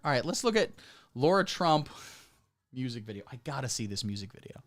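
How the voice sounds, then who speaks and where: A man streaming sarcastic commentary, swinging between deadpan mutters and sudden squeaky outbursts. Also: brisk. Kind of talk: satirical livestream commentary.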